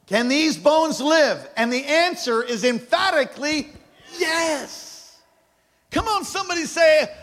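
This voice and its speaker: A man preaching a sermon as pastor, calling on the congregation to repeat after him, moving from hushed lows to shouted peaks. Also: expressive, slow. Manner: call-and-response preaching, swings from hushed to shouting. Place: church sanctuary. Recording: long hall reverb.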